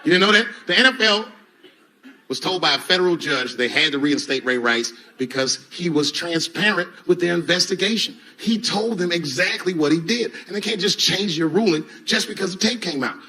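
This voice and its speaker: A man's voice: on the high side, a little fast, few pauses. A middle-aged man performing a profane stand-up comedy set to a laughing audience, acting out voices as he tells stories. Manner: profane, animated storytelling with acted-out voices. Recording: noisy live recording.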